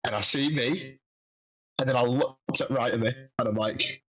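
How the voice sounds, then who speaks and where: A man telling a lively story in a casual interview, acting out what people said. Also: mid-range voice, moderate pace, slight background noise, rough recording. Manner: animated, acts out quoted dialogue. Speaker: guest wrestler.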